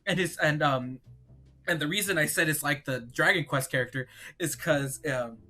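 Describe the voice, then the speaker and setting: A young man chatting casually as a podcast co-host, excitedly acting out scenes with loud voices and swearing. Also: fairly high pitch, normal speed, soft background music. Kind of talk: casual chat.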